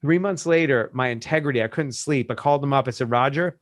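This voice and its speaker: A man's voice: medium pitch, fast talker, no room sound, clean studio sound. A man who coaches businesses, telling a story in casual podcast talk and acting out the people he quotes. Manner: animated storyteller, acts out quoted voices.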